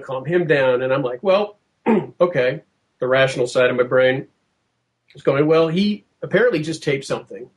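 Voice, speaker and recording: A man recounting a tense field investigation in casual storytelling, lively and quoting himself, with frequent restarts. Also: mid-range voice. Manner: animated, acts out quotes, many restarts.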